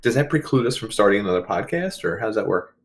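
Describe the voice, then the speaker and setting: A man co-hosting a podcast, his slightly low voice swinging widely in pitch as he jokes around. He keeps the chat casual and playful and fires off questions. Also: lively intonation, fast talker. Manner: playful, jokey, asks lots of questions. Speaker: podcast co-host.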